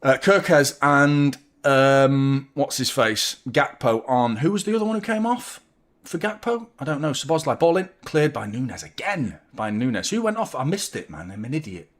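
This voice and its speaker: A man hosting a live football watchalong, reacting loudly as a fan, swearing, joking and talking to viewers. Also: medium pitch, moderate pace. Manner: excitable, swearing, jokey fan banter, chatting to viewers. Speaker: watchalong host.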